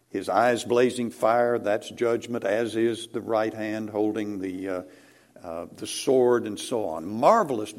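A man preaching a sermon, dramatic, rising to loud climaxes and dropping to hushed near-whispers, with slow, emphatic phrasing. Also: lowish voice.

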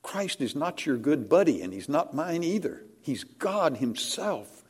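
A man preaching a sermon, dramatic, rising to loud climaxes and dropping to hushed near-whispers, with slow, emphatic phrasing. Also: a little high, sing-song, slightly rough.

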